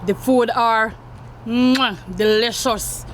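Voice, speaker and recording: A woman from Jamaica, a local resident, talking in a relaxed way outdoors. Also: a little high, slow pace, a little hiss or hum.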